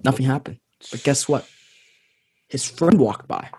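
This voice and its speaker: A man's voice: mid-range voice, expressive, measured pace, dark tone, slight background noise. A man co-hosting a podcast, casually chatting and telling a parable, acting out the characters' voices. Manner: storytelling, acts out voices in a parable. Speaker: podcast co-host.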